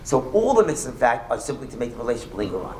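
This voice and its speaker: Fast, animated rabbi in an echoey room. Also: male voice, mid-range voice, a little hiss or hum. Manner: animated, rapid, joking, with many restarts. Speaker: rabbi teaching a class. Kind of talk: lively Torah class. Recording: echoey room with faint ambience.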